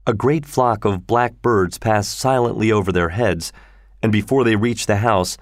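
A man narrating a storybook in a measured, even reading voice. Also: lowish voice, no echo, studio quality. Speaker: audiobook narrator.

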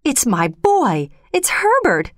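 A woman's voice: very animated, normal speed, no room sound, clean studio sound. Woman acting a frantic grieving old mother. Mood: desperate. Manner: shrill, desperate cries.

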